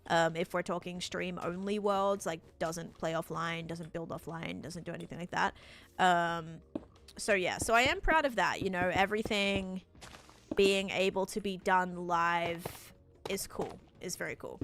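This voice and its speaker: A woman's voice: fairly low pitch, unhurried, fairly bright tone. A woman with an Australian accent chatting casually while gaming live, rambling and filling her talk with "like". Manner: rambling, chatty, heavy use of "like". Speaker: livestreamer.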